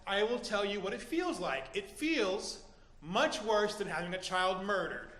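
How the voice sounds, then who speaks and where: A man telling a comic true story on a comedy club stage, energetic and bursting into shouts. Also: sits high, noisy background. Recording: echoey hall, live stage.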